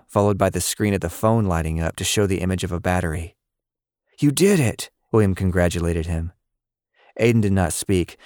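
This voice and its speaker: A man reading a story aloud in scripted narration, with a steady, measured delivery. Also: low-pitched, smooth, dry recording, clean studio sound.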